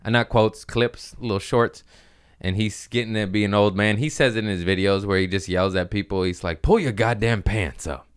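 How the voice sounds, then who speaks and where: A man's voice: fairly low pitch, fairly even intonation, moderate pace, smooth. A young man hosting his own podcast, rambling in crude, self-mocking casual chat. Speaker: podcast host.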